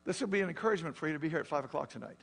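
A man preaching a sermon as pastor, explaining scripture in an animated, conversational way with frequent questions to the congregation. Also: fairly high pitch, rapid-fire, creaky. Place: church.

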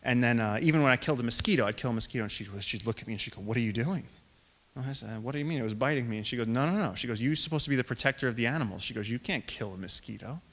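A man in his thirties, a naturalist giving a public talk, telling stories in an animated way and acting out quoted voices. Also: medium pitch, rapid-fire. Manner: animated storyteller, acts out quotes in raised voices. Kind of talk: storytelling lecture.

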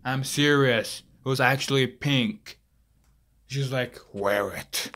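A man's voice: medium pitch, level tone, slow, fairly bright tone. A young man performing a comic monologue as a lazy, sarcastic teenage boy superhero who sighs often. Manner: sarcastic, exasperated, sighing. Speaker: actor playing a teen superhero.

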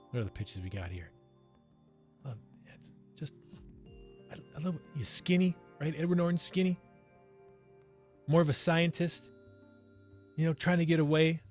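A man's voice: medium pitch, a little mellow. A man hosting a movie review channel, talking casually and enthusiastically straight to his viewers and often checking in with "right?".

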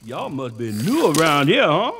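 An actor with a Cajun accent voicing a friendly, chatty man from the bayou in an animated film. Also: a little high, normal speed, a little hiss or hum. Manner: folksy, chatty.

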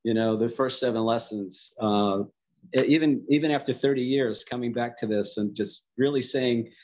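A man's voice: medium pitch, darkish tone. Older man musing over a lo-fi video call. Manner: thoughtful, halting, many restarts. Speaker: study group participant. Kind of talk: reflective group discussion.

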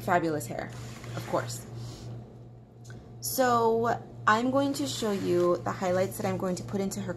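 A woman's voice: medium pitch, noisy background. Chatty, self-mocking woman artist. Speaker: artist and vlogger. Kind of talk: casual chat while coloring.

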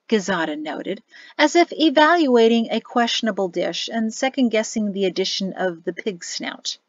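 A woman narrating an audiobook in an expressive storytelling voice. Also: medium pitch, normal speed, dry recording, highs cut off. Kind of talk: scripted narration.

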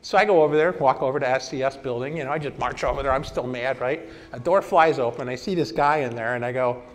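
A man in his sixties giving a conference talk and telling lively anecdotes. He acts out old conversations as he goes. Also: medium pitch, quick pace. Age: 60s. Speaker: conference speaker. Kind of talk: presentation talk with storytelling. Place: hall at a vintage computer festival. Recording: long hall reverb.

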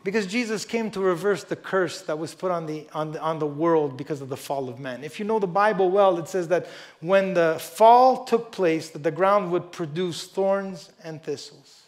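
A man with a high voice preaches a sermon to a church congregation. He reads scripture with strong emphasis and drops to hushed asides. Between readings he talks casually and often says "you know". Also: normal speed. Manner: emphatic, swings between loud stresses and quiet asides. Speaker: pastor. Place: church service before a congregation.

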